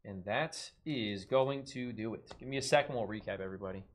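A man's voice: lowish voice, fairly quick, a little hiss or hum. A man hosting a live card break, rattling off card names and joking between pulls.

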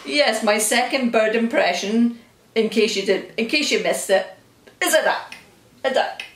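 A woman's voice: fairly high pitch, a little slow, voice pushed up. A woman putting on a jovial older man who tells corny bird jokes, with a punchy joke-telling delivery. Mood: joking. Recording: roomy, from a distance.

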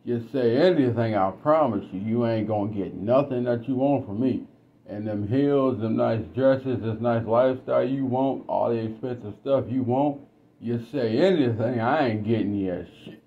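A man's voice: medium pitch, moderate pace, lightly acted. A man voicing a cold, domineering husband who talks down to his wife with contempt. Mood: contemptuous. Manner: sneering, contemptuous. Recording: dull lo-fi recording.

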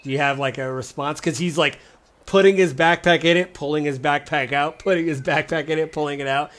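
A man's voice: fairly high pitch, fairly even intonation, brisk, fairly bright tone. Chatty, rambling male game master. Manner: casual, rambling, frequent fillers and laughs. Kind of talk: narrating a tabletop game.

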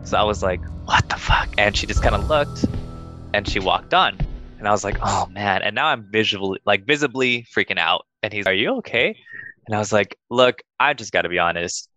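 Bright-voiced young man telling a story. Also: brisk, soft background music. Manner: animated, acts out quoted voices in higher pitch. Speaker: group member telling a ghost story. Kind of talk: casual storytelling.

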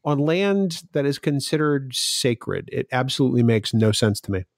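A man's voice: medium pitch, animated, normal speed, gravelly, no room sound, clean studio sound. Earnest male podcast co-host. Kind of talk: casual podcast discussion.

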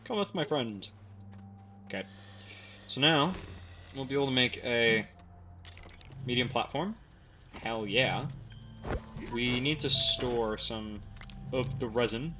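A young man commentating his own gameplay, thinking aloud, swearing and getting excited. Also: mid-range voice, slow pace, pauses often, over music. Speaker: gaming streamer.

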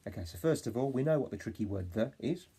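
A man with an English accent teaching a phonics lesson to young children, encouraging them and sounding out words slowly. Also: mid-range voice, animated, warm tone, breathy edge. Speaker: reception class teacher.

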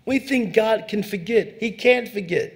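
A man's voice: high-pitched, a little slow. A man as a guest pastor preaching a sermon, fervent and emphatic with conversational asides. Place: church sanctuary.

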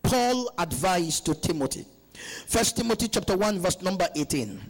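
A man preaching a sermon at a church conference, urging the congregation to answer him back and reading scripture slowly and deliberately. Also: sits high, sing-song, low-quality recording. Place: church conference, captured live.

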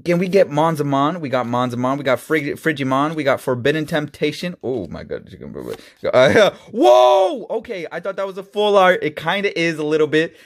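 A man hosting a casual card-opening video, excitable and quick to burst into shouts, often stumbling over names. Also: a little high. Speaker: YouTube host.

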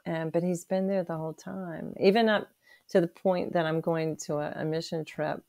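A woman's voice: fairly low pitch, steady tone, moderate pace, darkish tone. A woman in her sixties telling her personal faith story as an interview guest, earnest and emotional, with frequent restarts. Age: 60s.

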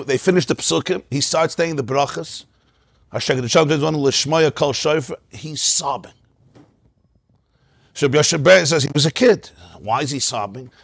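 A man teaching a Torah class in a study hall, telling stories in a lively way, with many Yiddish and Hebrew terms. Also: on the high side, vocal fry, slightly rough.

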